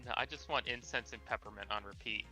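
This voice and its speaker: A man talks fast in a casual group chat, throwing in quick joking asides. His voice is very bright and clear in tone. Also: on the low side, soft background music.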